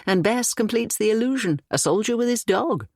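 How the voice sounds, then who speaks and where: Protective young gentleman, as a narrator puts him on, measured, mid-pitched, audiobook romance. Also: animated, no echo, clean studio sound. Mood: earnest. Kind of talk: audiobook character voice.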